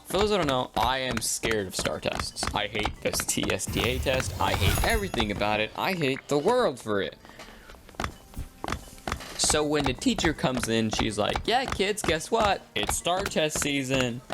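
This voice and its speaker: A young man telling a school story in a casual, rambling way while gaming, slipping into quick voiced quotes. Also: mid-range voice, background noise. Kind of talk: casual storytime over gameplay.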